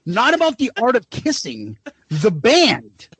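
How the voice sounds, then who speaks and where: A man's voice: extremely high pitch, wildly swooping pitch, unhurried, a bit bright, slightly rough, dry recording. A man in his forties, co-hosting a podcast in casual chat, profane and laughing as he tells stories. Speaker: podcast co-host.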